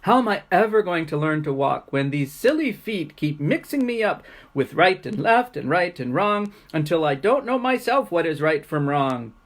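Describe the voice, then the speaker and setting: A woman's voice: fairly low pitch, sing-song, normal speed, hardly any pauses. A woman voicing an exasperated little male centipede who groans and pleads with his own feet. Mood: despairing.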